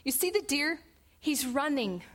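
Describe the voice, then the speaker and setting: Brief: middle-aged woman Bible study teacher, somewhat high voice, expressive and deliberate with scripture. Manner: expressive, slows down on scripture quotes.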